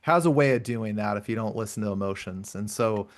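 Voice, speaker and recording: A man in his thirties hosting a conversational podcast, with a fairly low voice. He is earnest and reflective, weaving personal stories into the talk. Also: a little fast. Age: 30s. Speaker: podcast host. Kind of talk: conversational interview.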